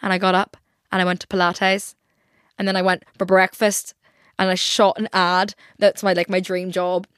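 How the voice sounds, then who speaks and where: A woman's voice: on the low side, level tone, normal speed, fairly bright tone, clear, resonant tone, dry recording, clean studio sound. A young woman in her twenties hosting a podcast, chatting casually with lots of fillers and casual swearing. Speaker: podcast host. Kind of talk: casual solo chat.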